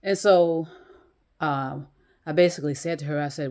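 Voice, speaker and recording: A woman with a slightly low voice talks casually to her viewers from a chair at home. She rambles through many restarts and fillers. She swears bluntly as she talks. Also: expressive, moderate pace, a little mellow. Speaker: vlogger. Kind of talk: casual monologue to camera. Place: small room at home, in a chair.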